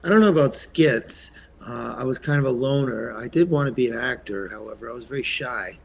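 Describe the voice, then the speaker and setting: A man from Quebec, a guest actor, chatting in an interview in a soft-spoken way that often trails off, with plenty of ums and uhs. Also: mid-range voice, a little fast, creaky. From Eastern Canada, Quebec. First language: French. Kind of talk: casual interview chat.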